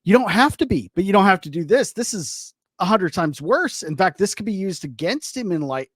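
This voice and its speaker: A man's voice: sits high, big pitch swings, a little fast, slightly rough, dry recording, clean studio sound. A man co-hosting a podcast, explaining his reasoning in a rambling way. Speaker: podcast co-host. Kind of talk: casual commentary chat.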